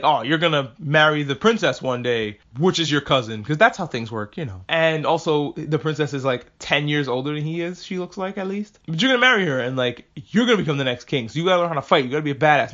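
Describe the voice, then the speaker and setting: Man, higher voice, casual profane anime recap, acts out characters, dull lo-fi audio. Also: expressive, fast talker, hardly any pauses, a bit bright. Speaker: podcast host reviewing an anime. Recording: dull lo-fi recording.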